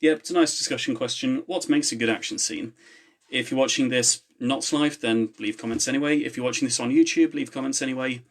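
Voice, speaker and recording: A man's voice: medium pitch, quick pace, few pauses. Man reading his own novel aloud live. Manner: relaxed, chatty with fillers between reading. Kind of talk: live reading to online viewers. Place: home, with a laptop.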